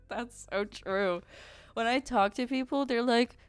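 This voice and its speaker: A woman's voice: fairly high pitch, measured pace, clean tone, no echo, soft background music. A woman streamer chatting casually and reading chat aloud, giggling often and using lots of fillers. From Ukraine.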